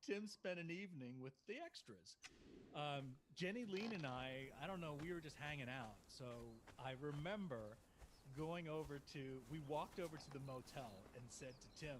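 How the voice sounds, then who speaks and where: As a guest, a middle-aged man with a somewhat high voice tells a long anecdote at normal speed over a noisy background. He's lively and animated, laughing, acting out what people said, and shouting in bursts.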